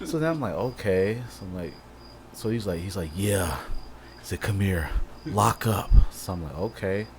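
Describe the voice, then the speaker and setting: A man with a lively, swooping voice, chatting casually on a live-streamed podcast. He tells stories in an animated way and acts out each line of dialogue. A faint hiss of background noise sits under his voice. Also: low-pitched, moderate pace. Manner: animated storyteller, acts out quotes with many "I'm like". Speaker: podcast co-host. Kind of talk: casual chat, storytelling.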